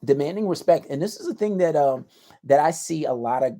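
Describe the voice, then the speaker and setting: A man's voice: fairly high pitch, animated, a little fast, warm tone. A man giving casual dating advice to camera in a blunt, self-assured, slangy lecturing manner.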